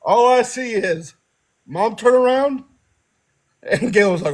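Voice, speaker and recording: A man's voice: sits high, animated, takes it slowly, long pauses, slight background noise. A young man co-hosting a casual podcast, animatedly telling a family story, acting out voices and laughing often. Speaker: podcast co-host.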